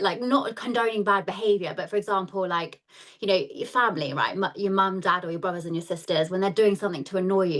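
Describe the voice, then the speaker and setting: A woman hosting a spiritual lesson, talking in a chatty, conversational way and often checking in with "right?". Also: mid-range voice. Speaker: host of a spiritual lesson series. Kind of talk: casual spoken teaching.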